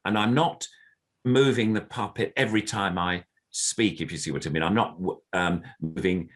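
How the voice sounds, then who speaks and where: An older man with a deep voice, speaking at normal speed, guests in a video-call interview about his years as a puppeteer. He explains the craft and every so often breaks into little puppet voices.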